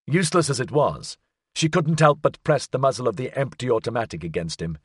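A man narrating an audiobook thriller in an expressive, suspenseful reading. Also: mid-range voice, fairly quick, breathy edge, no echo, clean studio sound. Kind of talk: scripted narration.

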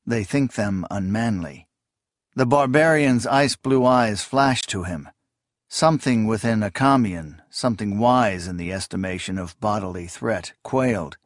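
A man reading fantasy fiction aloud as a narrator, in a measured, even storytelling manner. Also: lowish voice, no room sound. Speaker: audiobook narrator.

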